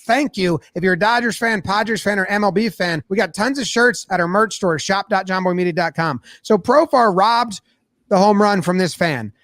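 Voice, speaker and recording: A man recapping a baseball game in a casual, animated way, storytelling with lots of energy. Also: sits high, normal speed, no echo, studio quality. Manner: animated storytelling, acts out players' voices. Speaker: sports commentator.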